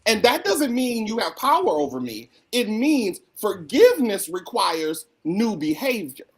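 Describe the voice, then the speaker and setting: A woman's voice: mid-range voice, a little slow, breathy edge. A woman co-hosting a casual podcast conversation, telling stories emphatically over a video call. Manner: emphatic, animated storyteller.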